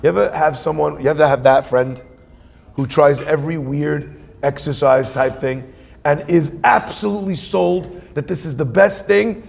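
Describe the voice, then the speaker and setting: A man's voice: fairly high pitch, lively intonation, moderate pace, gravelly, husky. A man in his forties, a rabbi, giving a joking, conversational sermon and asking the audience questions. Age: 40s. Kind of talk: humorous sermon. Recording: long hall reverb.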